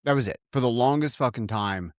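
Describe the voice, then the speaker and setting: A man's voice: medium pitch, fairly quick, dry recording, clean studio sound. A man co-hosting a podcast in casual chat, playful and teasing, swearing casually. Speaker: podcast co-host.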